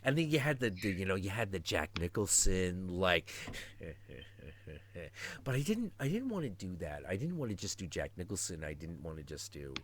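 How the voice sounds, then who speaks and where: A man's voice: low voice, very animated, brisk, few pauses, slight background noise. A man in his forties hosting a stream in casual chat, talking animatedly and profanely and acting out quotes. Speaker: stream host.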